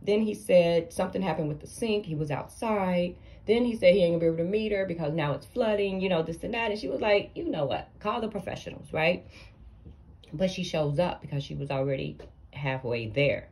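A woman with a lowish voice and tells a story to camera. She is blunt and sassy, and she lectures the people in the story as if they were in front of her. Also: fairly quick. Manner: animated, blunt, sassy, addresses people directly. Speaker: storytime vlogger. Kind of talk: casual storytime commentary.

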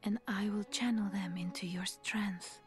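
A woman voicing a gentle, devoted female doll caretaker in a whispered role-play, soft and breathy, from a video game. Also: mid-range voice, fairly even intonation, measured pace, soft background music, natural voice. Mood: serene.

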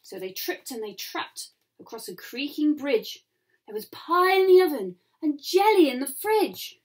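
A woman reading a rhyming picture book to children, with soft asides. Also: high voice, sing-song, a little slow.

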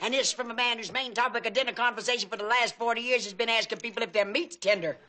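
An actress playing a chatty aunt in a sitcom, fussy about pronunciation. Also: female voice, fairly high pitch, steady tone, fast talker, sharp tone. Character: gossipy talkative Southern aunt, middle-aged. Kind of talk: sitcom acting. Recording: noisy old TV audio.

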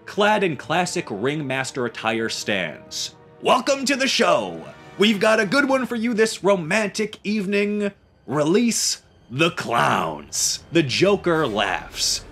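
A man narrating a scripted, enthusiastic story pitch as a channel host. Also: fairly bright tone. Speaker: YouTuber pitching a game story.

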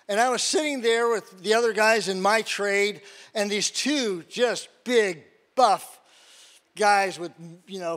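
An older man with a high voice preaches by telling his own story. He acts out the other people's lines and laughs along as he goes. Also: fairly bright tone. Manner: storytelling with acted-out quotes and laughs. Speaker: guest preacher. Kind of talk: sermon with personal testimony.

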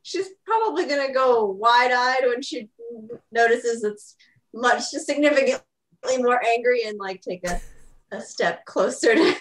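Female player, slightly high voice, hesitant, casual. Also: lively intonation, unhurried, rough recording. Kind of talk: tabletop game play.

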